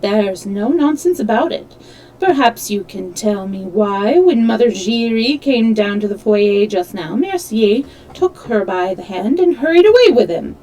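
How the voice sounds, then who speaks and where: A furious male theatre secretary, as a woman reads him, speaking low and urgent. He hisses accusations under his breath. A storybook reading voice. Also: lively intonation, measured pace, warm tone, close to an everyday voice, rough recording. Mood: hushed accusing.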